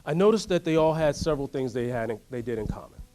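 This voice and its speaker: A man giving a motivational workshop talk, telling a story in an animated way and asking the audience to join in. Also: medium pitch, fast talker. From United States. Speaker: workshop speaker. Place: workshop room.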